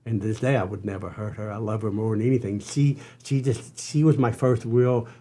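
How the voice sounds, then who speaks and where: An older man, a podcast guest, telling an earnest personal story with halting restarts. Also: fairly low pitch, fairly even intonation, dark tone. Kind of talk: storytelling interview.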